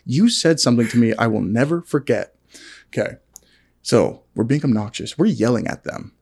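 A man co-hosting a casual podcast, telling stories in an animated way with lots of laughter. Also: brisk, gravelly, husky. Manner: animated, laughing, jumps to high-pitched acted quotes. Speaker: podcast co-host. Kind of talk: casual storytelling chat.

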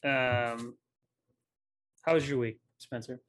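A man in his twenties co-hosting a podcast in a relaxed, chatty way. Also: medium pitch, slow, a little hiss or hum. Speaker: podcast co-host. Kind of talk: casual chat.

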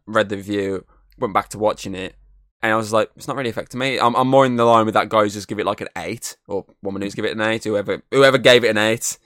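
A man's voice: lowish voice, a bit bright, dry recording, studio quality. A man hosting a casual podcast chat, rambling on, swearing often and laughing easily. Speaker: podcast host. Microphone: headset.

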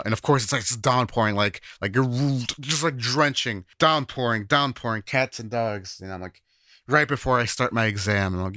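A man's voice: mid-range voice, normal speed, pushed and bright, no room sound, studio quality. A man co-hosting a podcast, telling a story in a rambling, casual way with lots of fillers and swearing. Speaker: podcast co-host. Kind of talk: casual chat.

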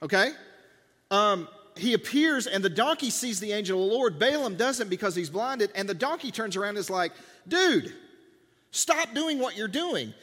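A man's voice: high voice, expressive, brisk, a bit bright, big-room sound. A man preaching a sermon in a church, talking conversationally and acting out the dialogue of biblical scenes. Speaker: pastor. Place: church sanctuary.

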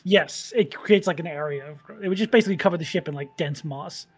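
A woman's voice: on the low side, quick pace, breathy edge. A woman running a tabletop game as game master, narrating scenes with a wry manner.

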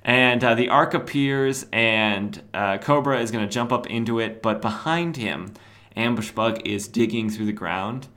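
A man's voice: on the low side, a little slow, a bit bright. A man hosting a podcast, recapping a comic in a rambling, casual way with filler words. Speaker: podcast host.

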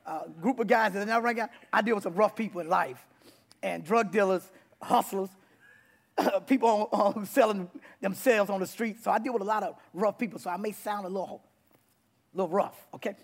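A man preaching his testimony to a congregation in a church, with a rough, abrupt delivery that bursts into loud, excited passages. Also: sits high, fairly quick. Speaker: guest preacher. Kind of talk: testimony sermon. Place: church sanctuary before a congregation.

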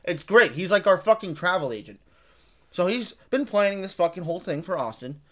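A man's voice: high-pitched, fairly quick. Rambling, swearing young man. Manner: rambling, heavy swearing, animated storytelling. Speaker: podcast co-host. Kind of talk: casual chat.

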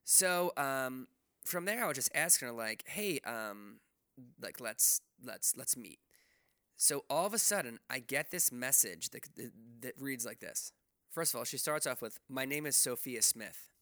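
An expressive, unhurried man with a medium pitch and sharp tone is heard in studio-quality audio without echo. He co-hosts a casual podcast chat, rambling along with many fillers and restarts and swearing openly.

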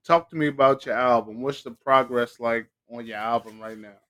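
A man's voice: medium pitch, fairly even intonation, moderate pace, bright, forceful tone, muffled recording. A man hosting a podcast, chatting casually, joking and laughing often; English is not his first language. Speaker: podcast host. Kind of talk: casual interview chat.

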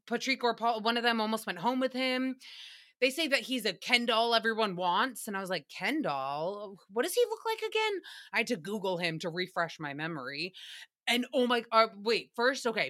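A young adult woman hosting a casual recap podcast, talking in an animated, playful way and slipping into silly voices. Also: a little high. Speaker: podcast host.

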